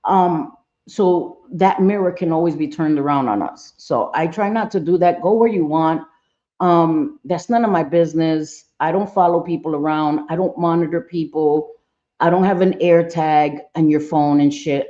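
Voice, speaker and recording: A woman's voice: sits low, normal speed, warm tone, highs cut off. Blunt, cursing middle-aged woman streamer. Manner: blunt and profane, often trailing off. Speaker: livestream host. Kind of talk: casual livestream chat to viewers.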